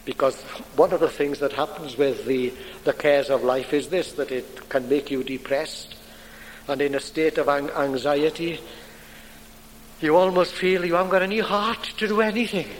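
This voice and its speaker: A man preaching a sermon in a deliberate, emphatic way with dramatic pauses. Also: on the high side, steady tone. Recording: long hall reverb, faint background noise.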